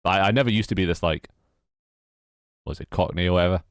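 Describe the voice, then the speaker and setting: Low-voiced young British man, rambling. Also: fast talker, dry recording, clean studio sound. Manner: rambling, wry, self-mocking. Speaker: game developer streamer. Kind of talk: casual live-stream chat while working.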